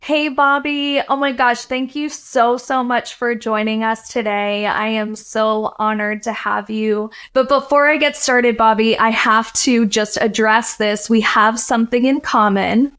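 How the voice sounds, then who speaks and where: A woman's voice: fairly high pitch, fairly even intonation, measured pace, hardly any pauses, a bit bright, clean tone. A woman from Pittsburgh hosting a casual podcast interview, effusive and encouraging with her guest. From Pittsburgh, Western Pennsylvania. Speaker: podcast host.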